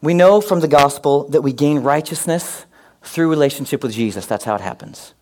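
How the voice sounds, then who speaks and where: A man preaching a sermon, mixing scripture with comic personal stories and getting loud and animated at times. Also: a little high, moderate pace. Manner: animated, comic asides, rising to near-shouts. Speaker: pastor.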